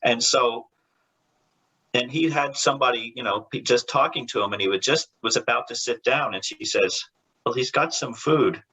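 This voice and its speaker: The comic book artist speaks at a moderate pace in a mid-range voice with a sharp tone, captured on poor audio. As a guest in a relaxed interview, he tells wandering stories full of restarts and laughter, now and then mimicking voices.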